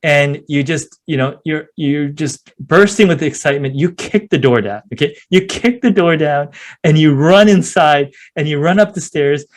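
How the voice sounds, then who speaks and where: A man speaking as a podcast guest in casual interview talk, an animated storyteller who acts out scenes and uses many fillers. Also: on the high side, moderate pace. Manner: many fillers like "you know".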